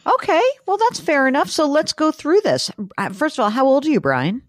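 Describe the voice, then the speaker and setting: Animated chatty woman radio host. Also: high voice, brisk, no room sound, clean studio sound. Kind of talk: radio call-in chat.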